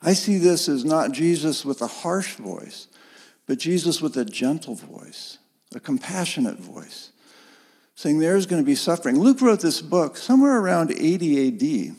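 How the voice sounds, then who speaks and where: A man preaching a sermon in an earnest, gently emphatic way, heard in a church sanctuary. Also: on the high side, sing-song, measured pace, husky, long reverb tail. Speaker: pastor.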